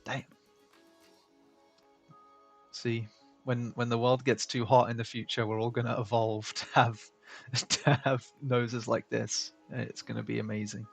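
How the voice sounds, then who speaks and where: A man's voice: mid-range voice, flat delivery, a little slow, vocal fry, long pauses. A man co-hosting a drawing live stream, chatting casually, laughing often and reading viewer comments aloud. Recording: faint background music.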